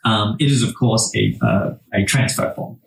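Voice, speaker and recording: A man narrating as game master in a relaxed, hesitant way, with lots of fillers and restarts. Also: lowish voice, moderate pace, a little hiss or hum. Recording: roomy, distant mic.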